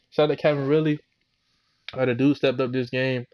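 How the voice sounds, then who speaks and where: A man's voice: medium pitch, level tone, brisk, pauses often, a little mellow. A young man ranting a football recap, heated and exasperated, full of slang and mocking quotes. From Florida. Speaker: sports vlogger.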